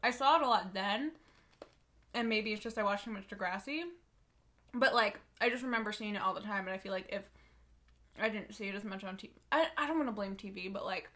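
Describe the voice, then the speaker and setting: A woman talking candidly on a podcast, her speech quick and packed with fillers. Her voice is bright and forward, rushing from one thought to the next. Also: mid-range voice. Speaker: podcast co-host. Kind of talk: casual chat.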